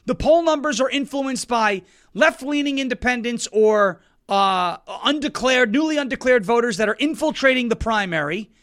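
A male political talk host with a very high, bright, cutting voice. He delivers sarcastic, mocking commentary and keeps breaking into exaggerated put-on quotes. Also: animated, normal speed.

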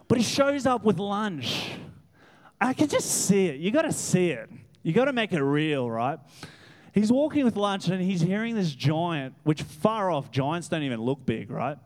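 A man preaching a lively, animated sermon in church as guest pastor. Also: high voice, slow, pauses often. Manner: animated, laughing, acts out voices. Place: church hall with congregation.

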